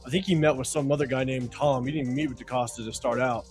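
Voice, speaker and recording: A man co-hosting a sports fan livestream, relaxed, moving through clips and asking viewers to subscribe. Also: medium pitch, fast talker, soft background music. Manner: relaxed, guides the clips, asks for subs. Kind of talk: casual livestream chat.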